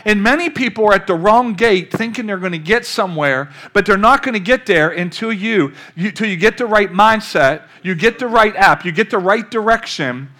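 Older male pastor, high bright voice, animated storytelling sermon. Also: moderate pace, hardly any pauses. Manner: storytelling, animated, calls out to the congregation.

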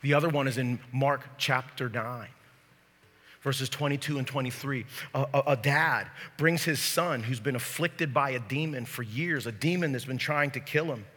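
A man pastor preaching a sermon to his church, moving from quiet teaching to shouted preaching. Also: mid-range voice, moderate pace. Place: church sanctuary. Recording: long reverb of a large hall.

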